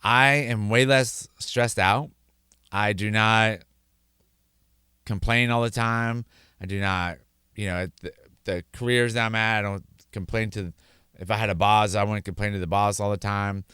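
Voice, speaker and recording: A middle-aged podcast host with a fairly low, resonant, sharp and clear voice recounts his own sobriety in a candid, earnest monologue. He speaks a little slowly with fairly even intonation, rambling, often restarting sentences and acting out quotes. The recording is dry and clean, with studio quality.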